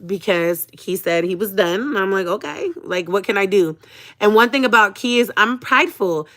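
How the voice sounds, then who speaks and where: A woman vlogger telling a personal story to her live viewers, dramatic and animated, punctuating lines with an emphatic "okay?" and calling them sis. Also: mid-range voice. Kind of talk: emotional personal storytime chat.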